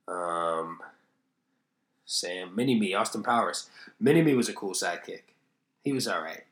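A man's voice: deep voice, unhurried, a bit bright, reverberant. A man hosting a casual solo podcast, rambling and swearing freely while joking at his own expense. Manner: rambling, profane, self-deprecating. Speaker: podcast host.

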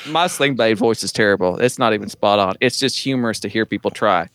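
A man's voice: lowish voice, fairly quick, a bit bright, no room sound. A man with a Southern US accent co-hosting a casual chat, cracking dry jokes. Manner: dry joking. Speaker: podcast co-host.

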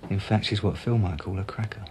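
Actor as an easygoing village constable with a mid-pitched voice, faint ambience. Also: male voice, brisk, darkish tone, slight background noise, close to an everyday voice. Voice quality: casual, easygoing.

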